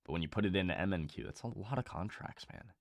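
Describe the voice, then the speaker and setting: Young guy streamer, lowish voice, blunt and sweary, dry close sound. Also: quick pace, no echo. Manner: blunt, profane, repeats himself, gets louder and higher when fired up. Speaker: livestream trading host. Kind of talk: casual live-stream chat.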